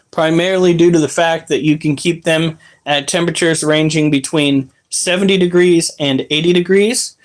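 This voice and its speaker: A man's voice: a little high, darkish tone. A young man chatting casually on a live stream, rambling and explaining how to care for his exotic pets.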